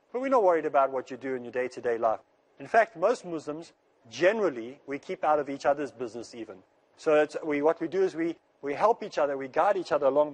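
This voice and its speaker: A man giving an earnest religious lecture in a rushing, rapid delivery, repeating phrases to make his point. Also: mid-range voice. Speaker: Islamic speaker.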